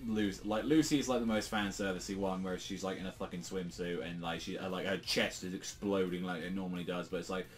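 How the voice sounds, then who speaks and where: A young British man casually reviews a manga chapter on his own, rambling with lots of fillers and swearing and jumping into exaggerated quoted voices in bursts. He talks fast with hardly any pauses, in a low voice with fairly even intonation, over faint background music.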